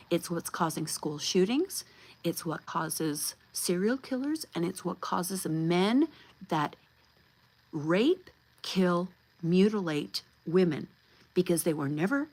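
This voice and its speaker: A woman's voice: fairly low pitch, low-quality recording. A woman in her fifties hosting a livestream, talking bluntly and emphatically and swearing freely. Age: 50s. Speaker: host. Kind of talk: impassioned livestream monologue.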